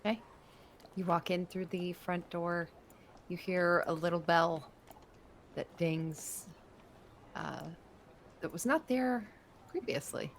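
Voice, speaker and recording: A woman narrating a tabletop game as game master in a relaxed, unhurried way. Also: on the low side, a little hiss or hum.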